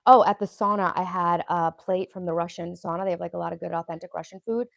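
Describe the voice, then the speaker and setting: A woman's voice: fairly low pitch, steady tone, fast talker, gravelly, dry recording, studio quality. A young woman hosting a casual livestream, chatting in a rambling way and answering viewers' comments. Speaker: livestream host.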